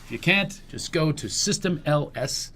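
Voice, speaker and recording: A man's voice: on the high side, expressive, sharp tone. Joking man hosting a comedy show. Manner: joking, storytelling, quick asides. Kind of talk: casual comedic banter and ad read.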